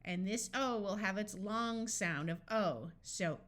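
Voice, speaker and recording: A woman teaching a phonics lesson, sounding out each word slowly, one sound at a time. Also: medium pitch, fairly bright tone. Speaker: phonics tutor. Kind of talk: slow, carefully enunciated reading lesson.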